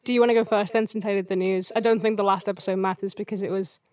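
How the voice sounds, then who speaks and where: A woman's voice: medium pitch, fairly even intonation, rapid-fire, darkish tone, no room sound, clean studio sound. A young woman co-hosting a podcast, teasing and playful in casual chat. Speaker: podcast co-host.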